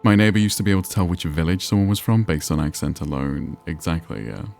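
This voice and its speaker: A low-voiced man with a northern English accent chats casually over gameplay, musing aloud and answering viewers. Faint music plays under his voice. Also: quick pace, creaky, darkish tone. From England. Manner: chatty, musing, answers chat. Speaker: streamer.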